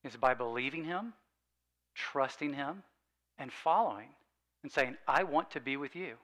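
A man preaching a sermon, earnest and emphatic, slowing down to read scripture and dropping soft on key points. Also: mid-range voice, lively intonation, low-quality recording.

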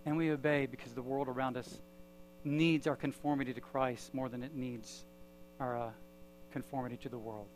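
A man's voice: mid-range voice, fairly even intonation, a little hiss or hum, low-quality recording. A man preaching a sermon as pastor, telling a story and leading a prayer in a church. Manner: storytelling with pauses, then prayer.

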